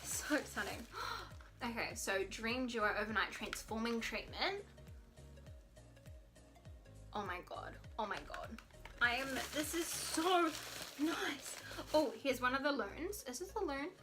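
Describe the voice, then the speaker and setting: A woman vlogger at home unboxing gifts, gushing and excitable with frequent giggles. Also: high-pitched, measured pace, over music. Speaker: beauty vlogger. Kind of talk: casual unboxing vlog.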